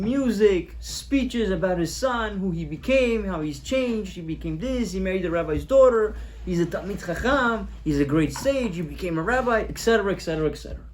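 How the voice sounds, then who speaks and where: A male rabbi telling a story in a sermon, lively and repeating phrases. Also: high-pitched, normal speed, a little hiss or hum.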